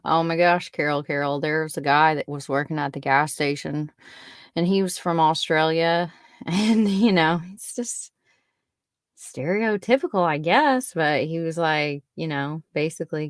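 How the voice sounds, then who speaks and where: A woman's voice: deep voice, measured pace, dry recording, studio quality. A young adult woman hosting a podcast, giving a casual spoken update in a rambling, giggly way that keeps interrupting itself. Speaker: podcast host.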